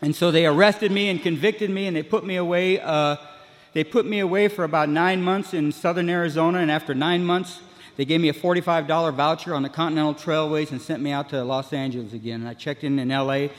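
A man with a somewhat high voice tells his recovery story to a meeting, wandering and looping back with "you know" and many restarts. He slips into other people's voices as he goes. The sound rings out with a long hall reverb. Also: steady tone, quick pace. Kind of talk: personal recovery story told to a room.

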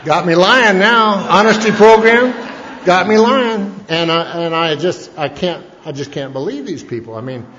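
A man's voice: high-pitched, unhurried, fairly bright tone. Folksy man telling stories in a hall. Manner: rambling, folksy, self-mocking, with frequent restarts. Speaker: speaker at a recovery meeting. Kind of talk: humorous personal testimony. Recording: dull lo-fi recording in an echoey hall.

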